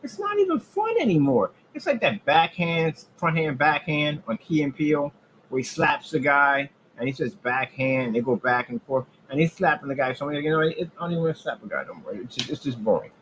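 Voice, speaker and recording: A man delivering a rambling, boastful trash-talk rant about his business, taunting rivals and jumping from low mutters to loud outbursts. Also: a little fast, slight background noise, rough recording. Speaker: business owner ranting on his channel.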